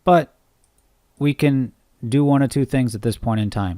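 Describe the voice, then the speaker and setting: A man's voice: medium pitch, normal speed, mellow, no echo, studio quality. A man coaching trading in an unscripted screen-share tutorial, rambling and interrupting himself, often checking in with "right?". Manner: rambling, self-interrupting, asks listeners "right?".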